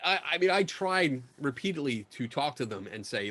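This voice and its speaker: A middle-aged man, a guest on a podcast, telling a story from his own life in a lively, self-mocking way and acting out what people said. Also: medium pitch, normal speed. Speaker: guest, skeptical paranormal investigator. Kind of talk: casual storytelling in a podcast interview.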